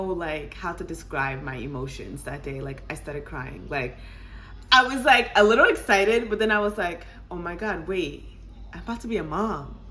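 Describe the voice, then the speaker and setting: A young woman in her twenties tells a casual vlog story to her viewers, animated and laughing and calling them y'all. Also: on the low side. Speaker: vlogger.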